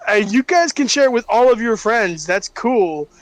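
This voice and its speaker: A man with a fairly high voice chats casually with fellow players before a tabletop game. He talks in a halting way, stopping and restarting and filling gaps with repeated little words. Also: lively intonation, no room sound, rough recording. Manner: hesitant, fills with repeated "like". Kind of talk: casual chat.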